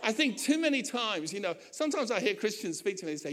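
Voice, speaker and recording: A male pastor preaching a sermon to his church, animated and conversational, with humorous asides and acted-out quotes. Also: sits high, quick pace.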